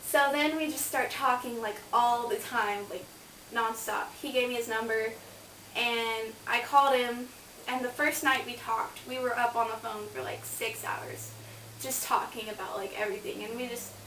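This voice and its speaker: A woman's voice: on the high side, steady tone, moderate pace, pushed and bright, distant mic. A young adult woman, a college student, chatting casually and bubbly about her life, with lots of "like" fillers. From Kansas. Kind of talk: casual personal storytelling vlog. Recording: roomy, off-mic, faint hiss.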